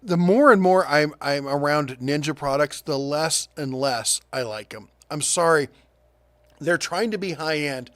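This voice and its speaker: Chatty man with a slightly high voice. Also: fairly bright tone, no room sound. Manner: chatty, laughs at his own jokes, quick asides. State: prone to coughing fits. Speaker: host of a tool and deals channel. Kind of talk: casual deal rundown.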